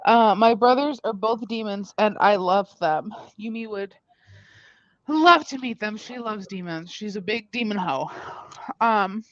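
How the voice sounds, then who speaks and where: A woman's voice: mid-range voice, unhurried, fairly bright tone, no echo. A young woman from Maine, tipsy and boisterous, swearing and laughing often in casual live-stream chat. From Maine, USA. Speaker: guest co-streamer. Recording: dull lo-fi stream audio.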